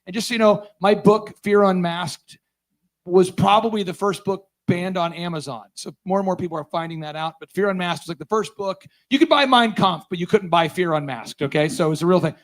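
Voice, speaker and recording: Man, fairly high voice, storytelling talk, acts out quoted dialogue, lively. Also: a little fast. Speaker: conference speaker.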